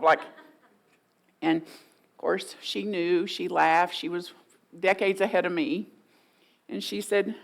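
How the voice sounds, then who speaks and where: A woman's voice: fairly low pitch, steady tone, takes it slowly, gravelly, pauses often, poor audio. A woman pastor giving a folksy, playful sermon in a church, often mimicking voices for humor. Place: church sanctuary.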